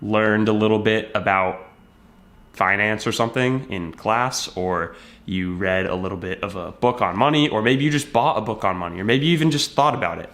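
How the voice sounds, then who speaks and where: The man's voice is fairly low and a bit bright, delivered at a normal speed. As a self-help video creator, he tells a story to camera in an easygoing motivational talk, acting out pieces of conversation.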